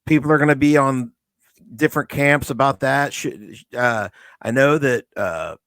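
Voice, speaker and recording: A man co-hosting a podcast, explaining the story in a relaxed, loose way with fillers. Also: medium pitch, unhurried, dry recording. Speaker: podcast co-host. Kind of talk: casual review chat.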